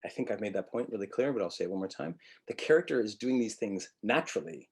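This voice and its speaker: A male acting teacher leads a webinar lecture, his voice fairly low, husky, and a little breathy. Animated and blunt, he swears freely and acts out short quotes of dialogue to drive his points home.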